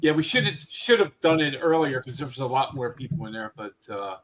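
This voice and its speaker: A man's voice: medium pitch, big pitch swings, fairly quick, a bit bright, rough recording. A man co-hosting a podcast in casual, laid-back chat. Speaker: podcast co-host.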